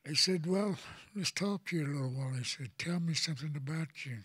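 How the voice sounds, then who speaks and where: Husky-voiced older man telling a story. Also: fairly high pitch, fairly bright tone, dry recording, clean studio sound. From Oklahoma. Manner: halting, plain-spoken, repeats words as he goes. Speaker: elder speaker. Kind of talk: personal story told to an audience.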